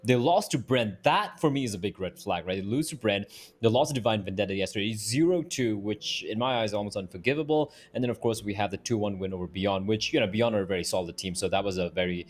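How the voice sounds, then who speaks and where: A man analysing esports matches on a panel, talking excitedly with laughs and stumbling restarts. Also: on the low side, fast. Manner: animated, laughing, stammering restarts. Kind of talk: casual panel banter.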